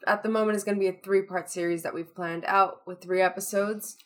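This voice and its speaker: A woman's voice: mid-range voice, fairly even intonation, brisk. A woman co-hosting a casual podcast, chatting and laughing easily with fillers between thoughts. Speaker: podcast co-host.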